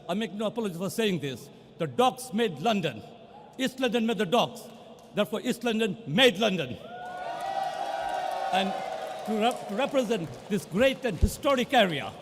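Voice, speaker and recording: A man giving a passionate victory speech as a newly elected assembly member, building to rousing shouts in a large count hall. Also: high-pitched, slight background noise. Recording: long reverb of a big hall.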